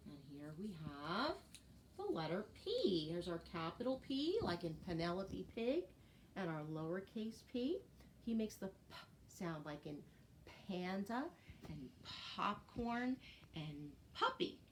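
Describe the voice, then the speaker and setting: A woman's voice: fairly low pitch, animated, measured pace, a little hiss or hum. A woman teaching preschool children the alphabet, chanting letter sounds in a sing-song voice and asking them questions.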